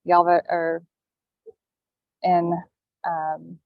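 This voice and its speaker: Lower-voiced woman on a dull call line. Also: completely flat delivery, very slow, no echo. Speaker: guest on a call-in panel. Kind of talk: casual storytelling chat. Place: airport gate area. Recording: dull, dry call audio.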